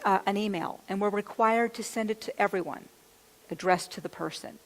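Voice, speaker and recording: A woman minister gives a sermon, telling a candid, confessional personal story and quoting her own thoughts aloud. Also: medium pitch. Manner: candid, confessional storytelling with quoted self-talk. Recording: long hall reverb.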